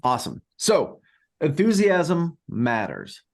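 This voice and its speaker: A man's voice: on the high side, wildly swooping pitch, takes it slowly. A man co-hosting a podcast in casual chat, rambling with many fillers and restarts. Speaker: podcast co-host.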